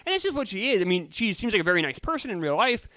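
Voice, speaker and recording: A man co-hosting a casual podcast, incredulous and teasing, with quick asides. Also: sits high, sing-song, bright, forceful tone, no echo. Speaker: co-host, film reviewer.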